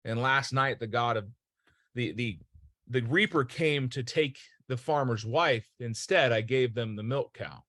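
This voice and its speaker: Speak as a man playing a patient old male angel in a told parable. Keep it calm and explanatory, at an ordinary mid pitch, and let the close, dry sound carry it. Don't push for anything otherworldly. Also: unhurried, no echo, close to an everyday voice.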